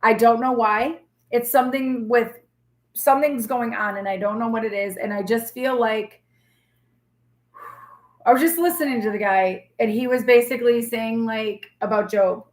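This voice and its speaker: A woman's voice: a little high, normal speed. Sassy New woman, roomy echo. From New York. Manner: candid, sassy and feisty, rambling; forceful tone that can sound like yelling. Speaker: tarot reader and channel host. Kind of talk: casual live-stream talk to viewers. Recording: echoey room.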